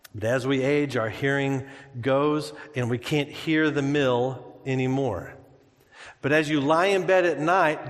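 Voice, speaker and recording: A man preaching a sermon in a church, conversational and humorous, telling stories and jokes as he explains scripture. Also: a little high. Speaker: pastor. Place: church sanctuary. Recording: long hall reverb.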